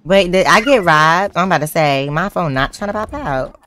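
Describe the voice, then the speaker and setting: Brash, cussing woman streamer, lively pitch. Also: normal speed, a little hiss or hum. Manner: brash, profane and animated storytelling. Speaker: streamer playing a role-play game. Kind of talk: casual gaming stream chat.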